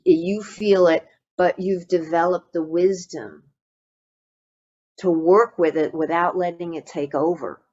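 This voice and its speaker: A woman meditation teacher giving a Buddhist dharma talk in a gentle, reflective way, with frequent fillers and restarts. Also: lowish voice, muffled recording.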